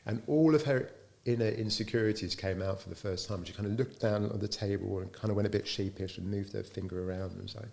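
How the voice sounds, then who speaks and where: This middle-aged man, a business founder, has a fairly low, gravelly voice and speaks quickly with few pauses. Sharing anecdotes in an interview, he's a lively storyteller who performs the dialogue he quotes.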